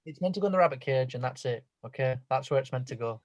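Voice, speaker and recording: A young man, co-hosting a podcast, animated and cutting in on his friends. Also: medium pitch, fast, no echo. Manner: animated, talks over others. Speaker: podcast co-host. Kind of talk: casual banter.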